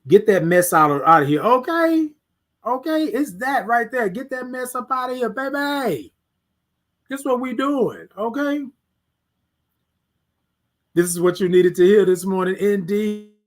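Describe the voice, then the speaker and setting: High-voiced man giving a motivational talk. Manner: reads out viewer comments, preachy and repetitive; swings between soft hushed words and loud emphatic bursts. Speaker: host. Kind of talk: motivational morning livestream talk.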